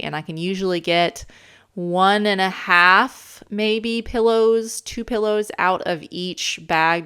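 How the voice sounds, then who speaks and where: Young female DIY host, enthusiastic and casual, smooth low-pitched delivery. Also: fairly bright tone. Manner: chatty, many ums, enthusiastic. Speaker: channel host, camper renovator. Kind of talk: casual voice-over narration.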